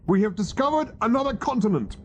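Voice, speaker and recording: A man's voice: sits high, lively intonation, fast talker, darkish tone, voice pushed up. A man voicing a soldierly male squad leader who barks clipped military reports, on a hissy old tape. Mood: barking.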